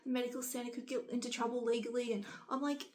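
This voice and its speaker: A woman's voice: a little high, level tone, fast, a little mellow. A young woman chatting casually to her camera, rambling and growing exasperated as she retells things. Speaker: vlogger.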